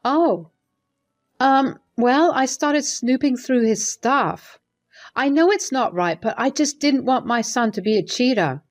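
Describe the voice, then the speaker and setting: A woman's voice: high voice, animated, slow pace, soft background music, pitched above the performer's own voice. Woman voicing a soothing worried mother-in-law. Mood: concerned. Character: caring middle-aged mother-in-law, gentle and worried. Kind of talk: storybook dialogue reading.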